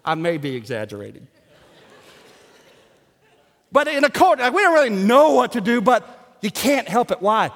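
A man preaches with comic, self-mocking energy and bursts into the occasional shout. His voice sits very high and swings widely, and a long reverb rolls off the big sanctuary. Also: animated, moderate pace. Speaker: pastor. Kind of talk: sermon. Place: large church sanctuary.

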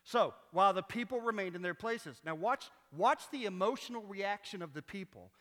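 Male pastor preaching, bright high voice, swings from quiet teaching to loud appeals, church sanctuary. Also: animated, moderate pace, long reverb tail. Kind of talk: sermon.

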